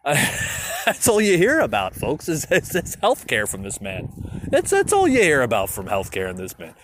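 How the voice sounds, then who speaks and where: A man's voice: medium pitch, huge pitch swings, unhurried, fairly bright tone, slight background noise. Rambling, stammering man ranting. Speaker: podcast host. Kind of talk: solo political rant podcast.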